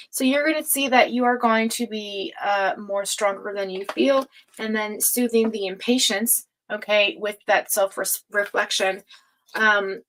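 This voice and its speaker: A woman hosting a tarot reading livestream, talking casually and affectionately to viewers, with many fillers, sighs and soft laughs. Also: medium pitch, low-quality recording. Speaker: tarot reader and livestream host.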